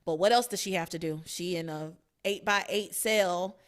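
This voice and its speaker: A woman hosting a podcast, casually recapping a story and acting out characters' lines in a lively way. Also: on the low side, normal speed. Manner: animated, acts out characters' lines in quoted voices. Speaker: podcast host.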